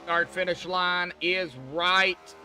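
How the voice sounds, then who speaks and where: A man's voice: high voice, completely flat delivery, slow pace, bright, forceful tone, soft background music. A man commenting on an online sim race as host, chatty and folksy, talking to drivers like buddies. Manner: chatty, folksy, calls people buddy. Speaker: race broadcaster.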